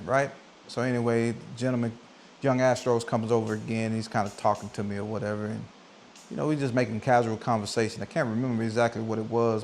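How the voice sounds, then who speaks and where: A man in his forties telling a personal story in a relaxed sit-down vlog, talking conversationally and getting animated when he acts out what people said. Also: mid-range voice, slight background noise. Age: 40s. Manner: conversational, animated when quoting himself and others. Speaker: vlogger. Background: soft coffeehouse music.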